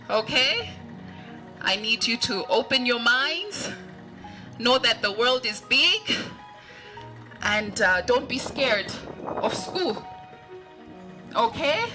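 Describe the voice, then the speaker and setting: A woman's voice: fairly high pitch, sharp tone, poor audio. Coaxing woman pep-talking pupils. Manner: coaxing, keeps checking with okay. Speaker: guest speaker.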